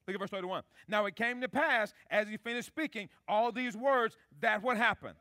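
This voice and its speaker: A man preaching with a high, ringing, bright voice, trading questions and answers with his congregation. The sound is close and dry, with no room around it. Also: normal speed, hardly any pauses, no room sound. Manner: preaching with call-and-response to the congregation. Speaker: pastor. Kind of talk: sermon.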